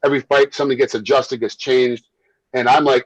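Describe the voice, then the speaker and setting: A man who works as a fight referee and once fought himself, telling stories in a casual interview, animated and quick to repeat himself and laugh. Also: medium pitch, slightly rough, no room sound, dull audio. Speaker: MMA referee and former fighter.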